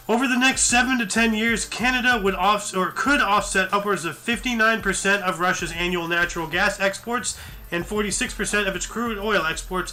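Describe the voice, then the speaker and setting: A man's voice: high voice, pushed and bright. A man hosting a news commentary show, reading articles aloud and rambling with fillers and self-corrections, sounding tired.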